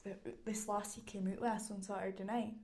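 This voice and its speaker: A young woman with a Scottish accent, chatting casually and telling animated stories about nights out. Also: mid-range voice, quick pace, background noise. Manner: giggly, animated storyteller. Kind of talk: casual chat. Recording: roomy echo.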